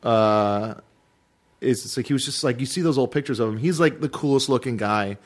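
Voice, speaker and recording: A man co-hosting a podcast in casual chat, rambling and halting with lots of filler words. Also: mid-range voice. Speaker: podcast co-host.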